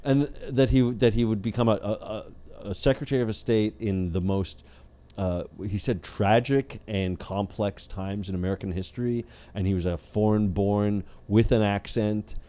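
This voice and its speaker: A man's voice: fairly low pitch, normal speed, warm tone. A man co-hosting a podcast in casual chat, wry and critical, with many hesitant fillers. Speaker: podcast co-host.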